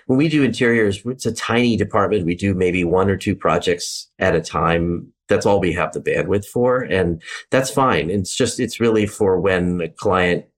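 Low-pitched man, architect panelist, measured and hesitant. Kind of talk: panel discussion.

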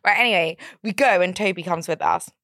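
A low-pitched woman with a gravelly edge chats loosely, laughing and swearing as she goes. The sound is dry and close, with no room around it. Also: a little fast, a bit bright, no room sound. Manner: chatty, laughing, swears freely. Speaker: podcast co-host. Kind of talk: casual chat. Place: indoor studio room.

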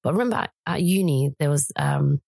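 A woman co-hosting a casual late-night chat, agreeable and reflective, backing up her friend with quick interjections. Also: sits low, vocal fry, dark tone, dry recording. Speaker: podcast co-host.

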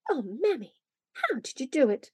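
A woman's voice: high voice, big pitch swings, normal speed, husky, no room sound, exaggerated voice. A woman doing a boy playing jolly Santa. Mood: cheerful. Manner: piping, cheerful.

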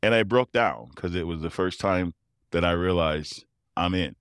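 A middle-aged man with a very low, deep voice tells personal stories in an interview, acting out the people he quotes and breaking into laughter along the way. He is recorded close to the mic in a dry space with no room echo. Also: normal speed, smooth. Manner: animated storyteller who acts out quoted voices and laughs often. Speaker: interview guest, professional tuba player. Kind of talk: storytelling in a casual interview.

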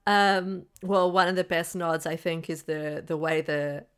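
A woman co-hosting a casual film chat who talks in a relaxed, chatty way and laughs along. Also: fairly low pitch, unhurried, clean tone. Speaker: podcast co-host.

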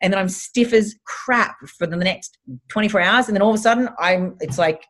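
A woman with an Australian accent, telling stories as an animated, chatty podcast guest who swears casually. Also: mid-range voice, a little fast.

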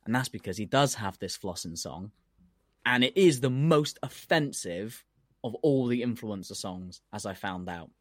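A man's voice: lowish voice, animated, moderate pace, dry recording, studio quality. Ranty swearing man on a podcast. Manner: ranty, swears a lot, worked up. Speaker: podcast co-host. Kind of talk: casual comedic podcast chat.

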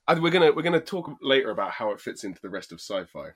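Animated man co-hosting a podcast. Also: mid-range voice, very fast. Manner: joking and animated, explains things at length. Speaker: podcast co-host. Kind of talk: casual podcast chat.

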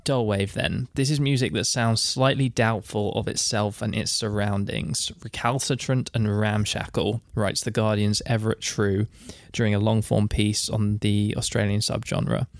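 A man's voice: lowish voice, fairly even intonation, normal speed, creaky, no room sound, studio quality. A man co-hosting a casual music podcast, reading out definitions and quotes and laughing easily. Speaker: podcast co-host.

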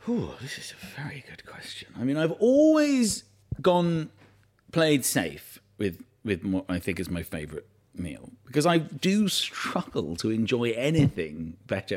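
A man, a guest in casual chat, telling stories in an animated way. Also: medium pitch, a little slow. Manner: animated storytelling.

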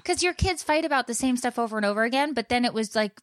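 Animated woman telling a story. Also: fairly high pitch, quick pace, dry recording, clean studio sound. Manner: animated storyteller, acts out her own shouting. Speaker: podcast co-host. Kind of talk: casual chat, storytelling.

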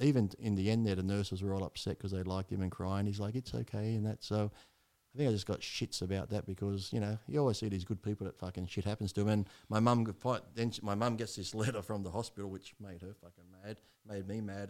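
A man tells his story bluntly, swearing often and rambling from one thought to the next. He talks quickly, and his voice sits on the lower side. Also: fairly even intonation, darkish tone. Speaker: guest. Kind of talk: candid podcast storytelling.

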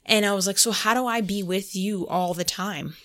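A woman hosts a casual faith podcast in a mid-range, fairly bright voice at a moderate pace. She tells a story, stopping to act out and quote her own prayers aloud, and says "like" constantly.

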